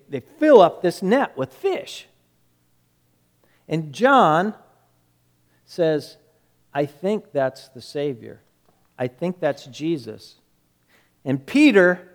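A male preacher retelling a story in a sermon, emphatic, repeating words and dropping quiet. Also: high voice.

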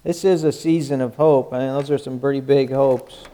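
A man's voice: medium pitch, fairly even intonation, moderate pace, warm tone. A male pastor giving a folksy, conversational sermon, joking and often restarting his sentences.

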